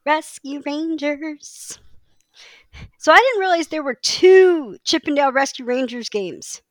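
Chatty higher-voiced woman co-host. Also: lively intonation, a little slow, no echo. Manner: chatty, enthusiastic, restarts often. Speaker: podcast co-host. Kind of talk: casual chat.

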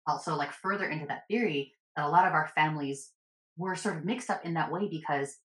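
A woman's voice: sits low, a little fast, fairly bright tone. Frank, slangy woman in echoey room. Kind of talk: casual conversation.

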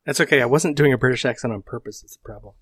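A man's voice: medium pitch, racing, a bit bright, slightly rough, no echo. A man co-hosting a podcast in casual chat, giving short, dry replies. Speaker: podcast co-host.

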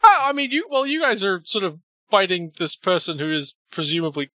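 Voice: mid-range voice, animated, fairly quick, bright, forceful tone, no room sound. A player in a casual tabletop game, talking hesitantly and trailing off.

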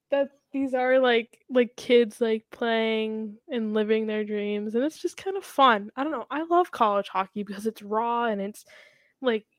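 A woman's voice: a little high, unhurried, no echo. A young woman co-hosting a casual podcast chat who laughs often, leans on "like" and restarts her sentences. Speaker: podcast co-host.

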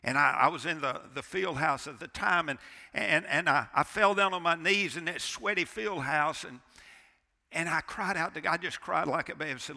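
A man in his sixties preaching with fervor from the pulpit. His voice is bright and forceful with a gravelly edge, and swings from loud to hushed. Long church reverb trails every word. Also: on the high side, moderate pace. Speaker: pastor. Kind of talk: sermon. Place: church sanctuary.

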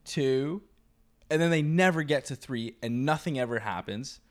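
A man's voice: mid-range voice, a little fast. A man in his twenties co-hosting a podcast, talking loosely and profanely in rambling stories. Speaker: podcast co-host. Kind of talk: casual podcast banter.

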